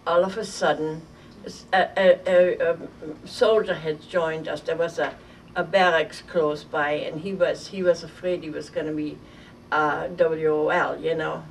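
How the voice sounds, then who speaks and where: An older woman from Germany telling a vivid, halting story from her childhood in an oral history interview. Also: deep voice, fairly even intonation, creaky. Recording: distant mic with faint noise.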